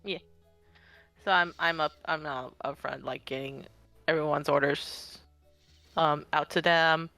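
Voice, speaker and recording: A young woman with a mid-pitched voice narrates her role-playing character, halting and full of fillers. Her voice sits close and dry on the microphone, with faint music underneath. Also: fairly even intonation, creaky, bright, forceful tone, no room sound. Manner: hesitant, many fillers, laughs while describing. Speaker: player.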